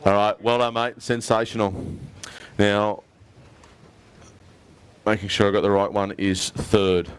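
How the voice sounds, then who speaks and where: A man's voice: fairly low pitch, level tone, a little slow, long pauses, smooth. Matey Australian man emceeing a weigh-in. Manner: upbeat, matey, ad-libbing. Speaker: tournament emcee. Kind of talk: live prize presentation. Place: outdoor weigh-in event.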